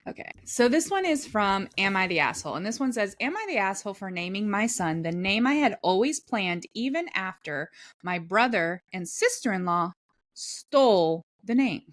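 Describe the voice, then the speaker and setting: A woman's voice: mid-range voice, big pitch swings, normal speed. A woman co-hosting a podcast, chatting casually, laughing often and reading posts aloud. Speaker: podcast co-host.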